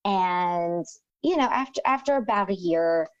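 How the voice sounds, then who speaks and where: A woman in her thirties from Texas's Rio Grande Valley chats casually, telling a story with animation and acting out the quotes. Her voice is on the low side, clean in tone and unhurried, though the audio sounds dull.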